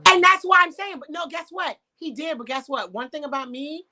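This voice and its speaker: A woman's voice: high-pitched, fairly quick. A woman sexologist on a radio talk show who tells stories frankly and with emphasis, acting out the quotes and using slang. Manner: emphatic, animated storytelling with acted-out quotes. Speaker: sexologist guest. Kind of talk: candid radio conversation.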